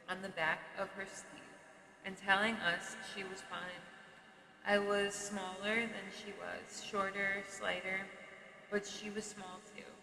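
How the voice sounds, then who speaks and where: A woman reads a memoir aloud in a bright, clear tone, keeping a steady pace and now and then restarting a phrase. Her voice rings through an echoey room with a long reverb tail, and a faint hiss sits underneath. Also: mid-range voice. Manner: steady reading pace with occasional stumbles and restarts. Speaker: reader.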